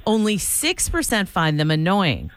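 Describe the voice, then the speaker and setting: Female morning host, playful and chatty, expressive pitch. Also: a little slow, no room sound. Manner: playful, giggly, trying out phrases. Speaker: radio morning show host. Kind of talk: casual radio chat.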